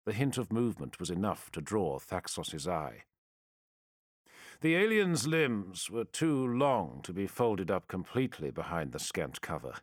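A man reading a sci-fi war story aloud as audiobook narrator, measured and dramatic. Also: sits low, no echo, clean studio sound.

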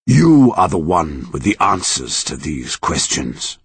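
A man voicing a slow, solemn ancient tree monster. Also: extremely low pitch, very animated, slightly rough, no room sound, exaggerated voice. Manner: slow, measured, grave delivery.

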